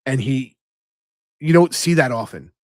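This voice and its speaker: A man's voice: mid-range voice, lively intonation, unhurried, no room sound, studio quality. Chatty new man, podcast co-host. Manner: chatty storyteller, lots of "you know" and restarts. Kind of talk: casual chat.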